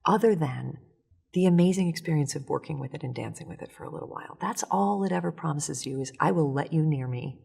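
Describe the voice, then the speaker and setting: A woman speaking as an author and guest in a casual interview, telling stories in a lively way with acted-out voices. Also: low-pitched, quick pace, gravelly, breathy edge. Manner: animated storytelling with acted voices and laughs.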